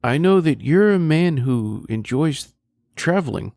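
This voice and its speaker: A man hosting an interview show, asking questions in a lively, conversational way. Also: a little high, a little slow, creaky, no echo, clean studio sound. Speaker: radio interview host.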